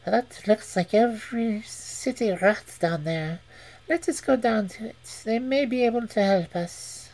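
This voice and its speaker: A sly, well-mannered female cat from a storybook, as a woman puts her on. She speaks in a lifted, slightly breathy voice, unhurried and courteous. There is a quiet cleverness under the politeness. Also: a little high, pitched above the performer's own voice, poor audio. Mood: curious.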